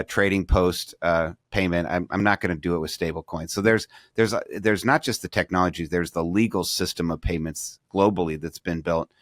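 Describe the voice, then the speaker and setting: Middle-aged male podcast co-host, very deep, loose conversational delivery with restarts, dry sound. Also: fairly bright tone, dry recording. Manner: rambling, restarts sentences, thinks aloud. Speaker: podcast co-host, banking advisor. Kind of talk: casual business podcast chat.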